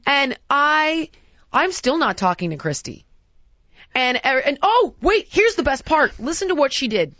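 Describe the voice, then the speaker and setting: A woman podcast host telling a story in casual chat, animated and exasperated, acting out what others said. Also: high voice, unhurried, dry recording, highs cut off.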